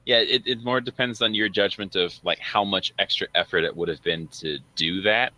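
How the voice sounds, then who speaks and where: A man's voice: fairly low pitch, a little fast, sharp tone, rough recording. A man playing in a tabletop role-playing game, describing his moves eagerly with many "uh"s. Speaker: player. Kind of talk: tabletop role-play chat.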